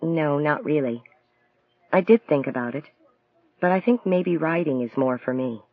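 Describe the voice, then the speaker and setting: A bright young Southern woman, read by a man, teasing and direct, slipping into a light drawl now and then. Her soft voice sits a little high and comes through a slightly muffled, dry recording. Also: normal speed, no room sound, close to an everyday voice. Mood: wry, teasing.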